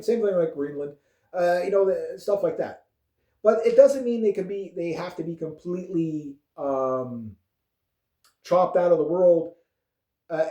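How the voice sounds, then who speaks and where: A man's voice: fairly high pitch, dark tone. A Canadian man vlogging a casual political rant, rambling and profane, full of fillers and chuckles. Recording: echoey room.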